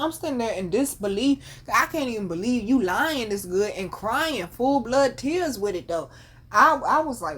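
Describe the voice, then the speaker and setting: Animated laughing woman telling stories. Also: a little high, normal speed, husky. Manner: animated, laughs often, profane slang. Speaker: podcast host. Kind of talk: casual storytelling.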